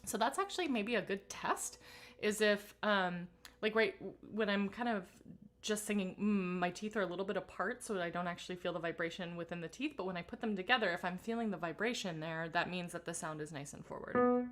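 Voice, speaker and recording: A woman vocal coach leading a live online singing warm-up in a relaxed, chatty way, humming and singing examples between instructions. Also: lowish voice, brisk. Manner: relaxed, chatty guidance with hummed and sung demonstrations.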